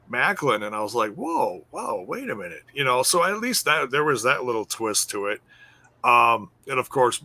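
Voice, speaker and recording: A man's voice: medium pitch, sharp tone. A man hosting a casual review podcast, chatty and rambling, laughing often as he talks. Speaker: podcast host. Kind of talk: casual wrestling review chat.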